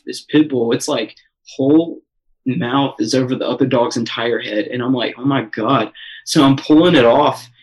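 A man's voice: medium pitch, husky, rough recording. A young man telling a wild story in casual chat, swearing often and filling with "like" and "um". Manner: excited, swears a lot, many fillers.

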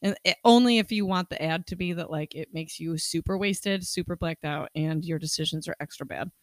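A woman's voice: fairly low pitch, brisk, dry recording. A woman co-hosting a podcast in casual, profane chat, talking bluntly and laughing often. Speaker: podcast co-host.

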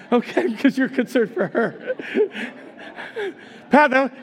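Extremely slowly, with big pitch swings in a very high-pitched voice, a male pastor preaches a live sermon in a church sanctuary. He interacts with his congregation, teasing them and laughing frequently.

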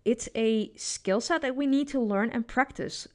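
A woman's voice: fairly high pitch, unhurried. A woman psychologist hosting a solo podcast, talking expressively in a coaching tone and often adding "right?" to her points.

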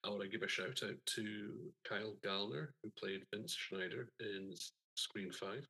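A man co-hosts a horror film podcast in relaxed, casual chat. His voice is low and husky, with a bright edge, and he drops dry asides. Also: unhurried, low-quality recording. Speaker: podcast co-host.

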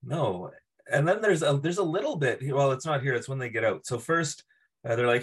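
A man's voice: medium pitch, animated, fairly quick, breathy edge. A man co-hosting a casual podcast, recapping episodes and laughing often as he mimics characters. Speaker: podcast co-host.

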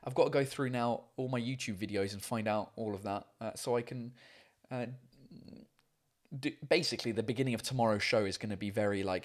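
A man hosting a casual live show from home on a microphone, chatty and rambling with lots of fillers, excitable and casually swearing. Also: mid-range voice, brisk. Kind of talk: casual chat.

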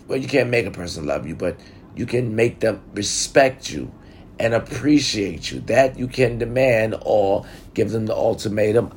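Blunt, gravelly man ranting about relationships. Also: medium pitch, darkish tone, a little hiss or hum. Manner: blunt, profane and talkative, addressing viewers directly. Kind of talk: casual monologue giving relationship advice.

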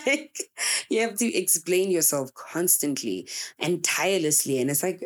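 A woman's voice: on the low side, sing-song, measured pace. A woman in her twenties, a content creator, talking candidly and emphatically to her audience in casual chat. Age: 20s. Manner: candid and emphatic, acts out quoted people.

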